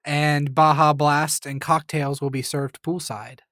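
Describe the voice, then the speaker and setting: A man co-hosting a podcast, reading out odd news stories in a teasing, deadpan way during casual chat. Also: on the high side, unhurried, dry recording, studio quality. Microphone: studio mic.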